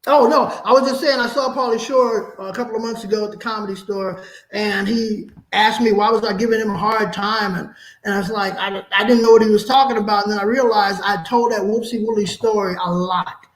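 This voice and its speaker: A comedian guest on a chat show, telling animated and profane stories in a casual way. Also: male voice, high voice, brisk, echoey room, poor audio. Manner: animated profane storytelling with laughs.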